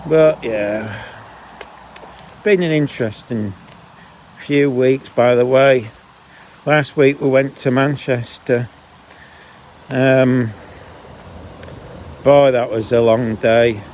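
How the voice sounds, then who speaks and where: A man's voice: medium pitch, steady tone, slow pace, long pauses, darkish tone, a little hiss or hum. Grumbling man on a dog walk. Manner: chatty, grumbling, breaks off mid-sentence. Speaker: vlogger. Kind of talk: casual walking vlog monologue. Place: outdoors on a canal towpath.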